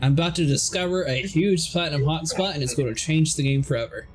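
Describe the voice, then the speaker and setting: A man's voice: fairly high pitch, fast talker, crowd noise. A man playing along on voice chat, trading teasing, joking banter in casual talk. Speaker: co-player.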